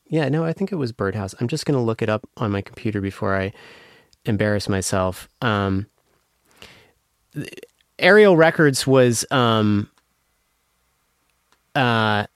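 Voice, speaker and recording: A man's voice: lowish voice, clean tone, dry recording, clean studio sound. Enthusiastic man rambling about records. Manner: enthusiastic, rambling with many fillers and restarts; emotional, apologetic when moved. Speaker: music producer guest. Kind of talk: casual interview answer.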